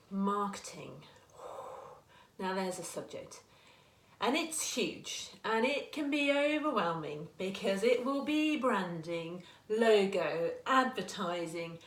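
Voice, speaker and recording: A woman in her forties, a small business owner, giving earnest, chatty advice to camera and often restarting her sentences. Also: medium pitch. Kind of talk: casual talking-to-camera advice. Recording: echoey room.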